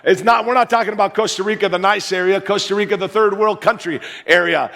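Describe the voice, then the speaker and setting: A man from the US in his fifties preaches with a raised, gravelly voice, ribbing the crowd as he tells a story. His voice carries through a big church sanctuary with a long, ringing echo. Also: high voice, fast talker. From United States. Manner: joking, animated storyteller who plays to the crowd. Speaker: guest pastor. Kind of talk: humorous sermon storytelling. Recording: reverberant church hall.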